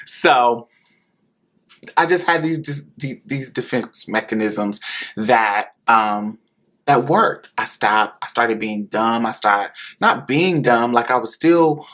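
An adult Indiana man shares a personal story in his rural accent, speaking slowly and openly while frequently laughing and saying things twice. His medium-pitched voice has a fairly bright tone.

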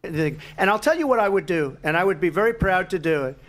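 A man's voice: high-pitched, lively intonation, fairly quick, fairly bright tone. Emphatic man at a debate podium. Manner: emphatic, repetitive, rambling. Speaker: presidential debate candidate. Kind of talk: debate answers.

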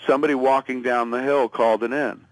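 A man's voice: medium pitch, steady tone, fast talker, no room sound, low-quality recording. A man from the US East Coast, a phone-in guest telling a rambling, profane comic story and acting out the lines of the people in it. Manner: rambling, profane, acts out quotes.

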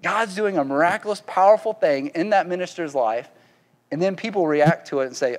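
A man's voice: sits high, a little fast, long reverb tail. A man with a Southern accent preaching a sermon in a folksy, conversational way, often asking the congregation questions. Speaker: pastor.

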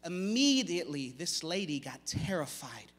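A male pastor preaching a dramatic sermon, moving between hushed lines and loud ones. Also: a little high, very animated, moderate pace, big-room sound. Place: church sanctuary.

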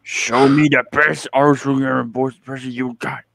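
A man in casual group chat who talks haltingly, with many restarts. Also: medium pitch, level tone, vocal fry, fairly bright tone.

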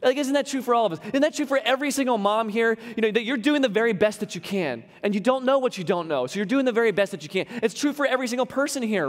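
High-voiced male pastor in reverberant hall. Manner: conversational preaching with humorous asides. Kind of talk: sermon. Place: large church hall.

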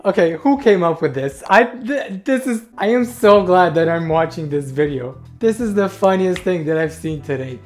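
Young man, sarcastic reaction vlogger, slightly high voice, soft music behind. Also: animated, moderate pace, few pauses. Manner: joking, sarcastic, talks straight to viewers. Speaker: YouTuber reacting to a TV clip. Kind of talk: casual reaction commentary.

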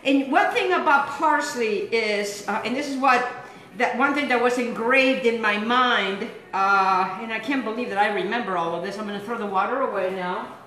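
A woman's voice: a little high, moderate pace, pushed and bright, roomy sound, a little hiss or hum, rough recording. A woman hosting a home cooking show, talking in a chatty, rambling, enthusiastic way as she demonstrates a recipe. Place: home kitchen.

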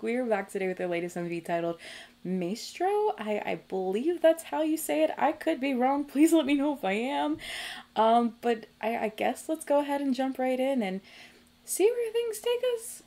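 A young woman hosting a music video reaction, talking casually and reacting excitedly with gasps, laughs and swearing. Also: on the high side, normal speed, gravelly. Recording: faint music behind.

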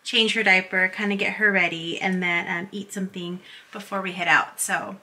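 Chatty young woman with a bright voice. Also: mid-range voice, fairly even intonation, normal speed. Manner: chatty, rambling, many fillers; whispers at times while baby naps. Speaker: vlogger. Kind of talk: casual vlog chat.

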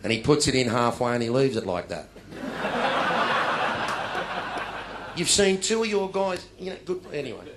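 A man's voice: medium pitch, quick pace, hardly any pauses, heavy background noise. Australian man telling comic stories. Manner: animated, acts out dialogue in loud bursts. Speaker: after-dinner speaker. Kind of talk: comic storytelling to a live audience.

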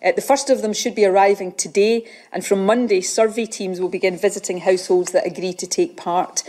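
A woman delivers a formal public health briefing in a measured, official manner, with an occasional "uh". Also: medium pitch, steady tone, mellow.

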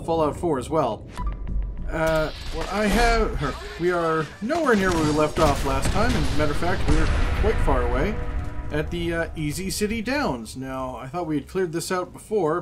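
A man hosting a casual let's-play, chatty and amused, greeting things on screen as he plays. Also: on the high side. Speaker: gaming channel host.

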